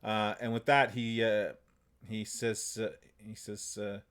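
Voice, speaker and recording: A man narrating a tabletop game as game master, halting and full of fillers. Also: lowish voice, level tone, fairly bright tone.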